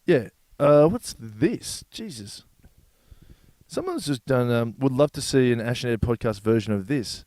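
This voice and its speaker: A man, co-hosting a comedy podcast, excitable and swearing freely. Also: mid-range voice, a little slow, no echo. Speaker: podcast co-host. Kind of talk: casual comedy chat.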